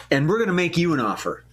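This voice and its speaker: A man's voice: on the high side, a bit bright. A man hosting a live improv comedy show online, joking and laughing often between turns. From Minnesota.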